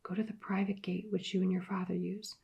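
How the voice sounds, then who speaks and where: A woman voicing a threatening male stranger of about thirty in a whispered role-play, giving low, clipped commands. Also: little pitch movement, a little fast, vocal fry, husky, lo-fi sound, exaggerated voice. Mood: menacing.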